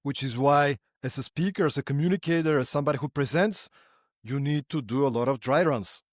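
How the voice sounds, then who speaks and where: A man hosting a podcast, asking thoughtful, drawn-out questions in a conversational way. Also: medium pitch, no echo, studio quality. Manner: thoughtful, sets up questions at length. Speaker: podcast host.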